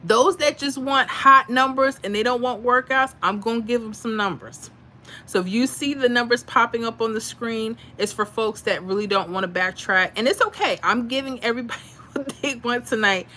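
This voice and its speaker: Lady chatting on her livestream, bright forward voice, faint room noise behind her. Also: a little high, moderate pace. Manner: chatty, reads viewer comments aloud, emotional asides. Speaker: livestream host giving lottery picks. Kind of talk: casual livestream chat.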